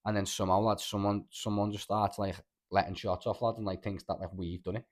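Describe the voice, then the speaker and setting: A man's voice: fairly low pitch, flat delivery, brisk. A man with a Liverpool accent, co-hosting a casual podcast and telling a long story in a rambling way, full of filler words and swearing. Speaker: podcast co-host.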